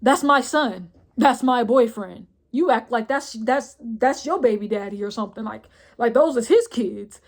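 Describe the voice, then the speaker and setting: A young woman telling a personal story in a casual vlog, blunt and profane, often close to tears, tossing in "boom, boom, boom" as she goes. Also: expressive, moderate pace, few pauses. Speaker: vlogger.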